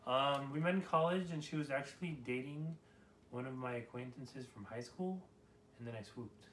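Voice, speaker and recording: A young man answering interview questions casually, with joking deadpan quips. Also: medium pitch, moderate pace, distant mic, a little hiss or hum. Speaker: interviewee, dancer. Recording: roomy and off-mic.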